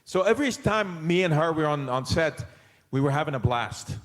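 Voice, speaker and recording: A man, a guest actor, answering audience questions on a convention panel in a casual, animated way, with frequent restarts and laughs. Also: on the high side, moderate pace, long reverb tail. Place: large convention hall.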